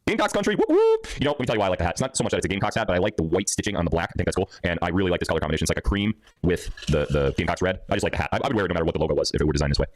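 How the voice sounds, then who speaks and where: A man hosting a livestream, excitedly greeting viewers and reading out where they are from, with sudden high-pitched exclamations. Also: racing, hardly any pauses, no room sound. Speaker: livestream host. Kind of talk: upbeat livestream chat, reading viewer locations.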